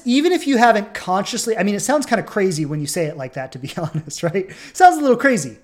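A relationship coach hosting a podcast, talking earnestly and repeating phrases for emphasis, with sudden loud bursts. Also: mid-range voice. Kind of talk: podcast monologue.

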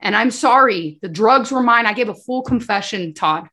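Speaking at a normal speed in a slightly high voice, a female guest shares an emotional testimony of faith. She brings her story to life by performing the dialogue and frequently turns to the host.

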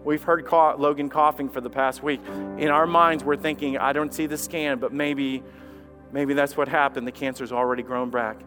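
A man preaching a sermon as lead pastor, impassioned, swinging from hushed to loud and repeating phrases. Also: mid-range voice, steady tone, normal speed, over music.

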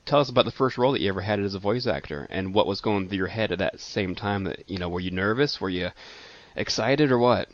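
A man hosts a casual interview in a low, easygoing voice, asking his questions plainly. The sound is dry and lo-fi, with faint music underneath. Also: animated, quick pace, no room sound. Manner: easygoing, fillers and restarts. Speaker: interview host.

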